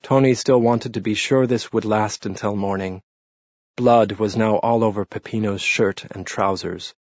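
A man narrates a novel in a measured, unhurried literary style. His voice is low. The recording is dull and lo-fi, with a dry, close sound. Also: fairly even intonation, a little mellow, no room sound. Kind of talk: audiobook narration.

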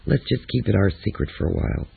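A man's voice: fairly low pitch, fast talker, gravelly, slightly rough, narrow, tinny audio, heavily acted. Man voicing a quavering teenage bride. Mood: pleading. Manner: quavering, pleading. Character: frightened teenage girl, new bride.

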